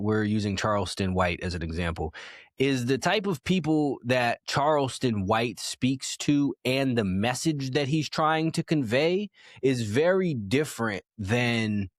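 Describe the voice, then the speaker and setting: A man co-hosting a casual opinion podcast, arguing his points with lively, rising emphasis. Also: measured pace, no echo, studio quality. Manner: animated, argumentative, voice jumps high for emphasis. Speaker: podcast co-host.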